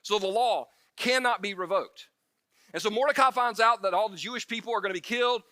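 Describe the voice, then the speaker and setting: Bright, high-voiced man preaching casually. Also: no echo. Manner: conversational and joking, with quick asides and restarts; acts out the story figures in quick voices. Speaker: pastor. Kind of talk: casual sermon.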